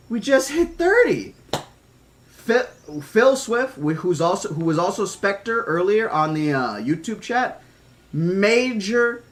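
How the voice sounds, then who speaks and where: A man streaming live, emotional and near tears, stammering out thanks to his viewers in casual chat. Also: sits high. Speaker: streamer reading a novel aloud.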